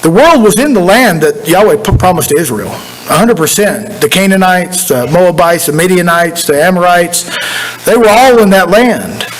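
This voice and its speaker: A man's voice: high voice, lively intonation, moderate pace, a little hiss or hum, poor audio. A man preaching a sermon as pastor, in a folksy, conversational way with repeated phrases. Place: church sanctuary.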